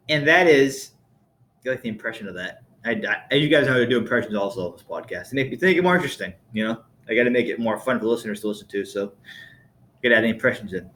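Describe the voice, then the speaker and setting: A man's voice: medium pitch, pushed and bright, slight background noise. A man hosting his own podcast in a studio, talking in a loose, rambling monologue and correcting himself often. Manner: rambling, self-correcting, chatty. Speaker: podcast host. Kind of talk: casual monologue. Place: recording studio with a producer.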